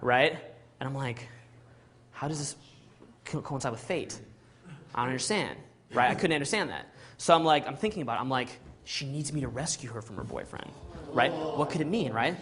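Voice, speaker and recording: Animated man telling a story. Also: medium pitch, normal speed. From Canada. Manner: acts out dialogue, asks "right?" and "okay?" often.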